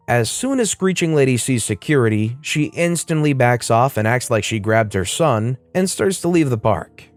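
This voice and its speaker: A man reading online stories aloud in a casual way, dropping wry asides. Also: mid-range voice. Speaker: story narrator.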